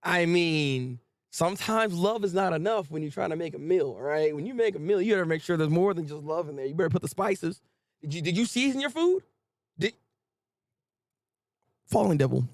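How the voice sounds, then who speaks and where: A man streaming a live manga reaction, joking and animated, tripping over repeated words when excited. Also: fairly high pitch, a little fast, creaky, long pauses, dry recording, studio quality.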